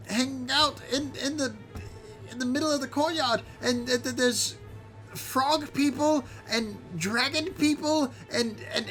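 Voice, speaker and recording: A man voicing an excitable small female goblin who babbles and is out of breath. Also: very high-pitched, voice pushed up, full character voice.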